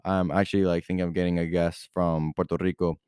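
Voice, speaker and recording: Young man, very low voice, rambling podcast storyteller, dry close sound. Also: flat delivery, fast talker, darkish tone, smooth, no echo. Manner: rambling, lots of filler words and swearing. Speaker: podcast host. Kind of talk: casual storytelling.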